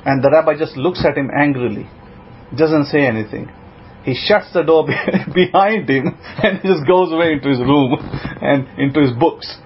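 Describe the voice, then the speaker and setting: Animated storytelling rabbi, high-set voice. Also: male voice, normal speed, breathy edge. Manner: animated retelling with voiced quotes, laughs now and then. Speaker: rabbi teaching a congregation. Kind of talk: storytelling sermon. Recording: dull lo-fi sound with faint noise.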